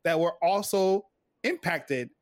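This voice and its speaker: A man in his forties, a retired Navy veteran, telling a personal story in a casual interview, animated and full of fillers and restarts. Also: sits high, slow pace, dry recording, clean studio sound.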